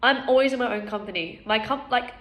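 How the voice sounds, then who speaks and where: A woman's voice: a little high, fast talker, a bit bright. A woman vlogger talking through her own feelings in a blunt monologue, swearing freely and often breaking into laughter. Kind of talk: candid self-reflective monologue. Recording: echoey room.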